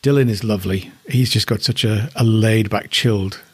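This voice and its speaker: Husky-voiced man from northeast England. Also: lowish voice, normal speed, no room sound. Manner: chatty and affectionate, thinking aloud. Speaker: alpaca keeper. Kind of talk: casual spoken commentary.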